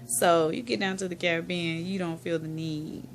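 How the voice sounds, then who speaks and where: A woman from Tennessee, speaking in a soft, heartfelt personal monologue that drifts into whispers. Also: lowish voice, steady tone, normal speed, vocal fry, a little hiss or hum. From Tennessee, USA. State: emotional, near tears. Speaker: vlogger.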